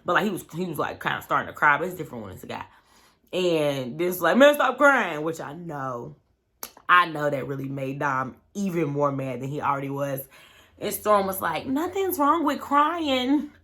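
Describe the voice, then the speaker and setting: A woman vlogger tells a reality-show story in a rambling, casual way. Her voice sits low but sounds bright and punchy. She fills it with "like" and "you know what I'm saying". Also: a little fast.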